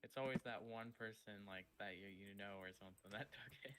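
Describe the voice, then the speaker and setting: A man's voice: on the low side, quick pace, a bit bright, smooth. A man joining a casual chat with a friend, adding brief, laid-back remarks.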